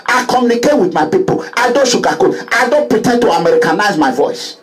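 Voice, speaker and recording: Impassioned Nigerian man with a lively pitch. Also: a little fast, few pauses, poor audio. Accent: Nigerian English with Pidgin. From Nigeria, Edo State. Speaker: political activist vlogger. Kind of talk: impassioned political monologue.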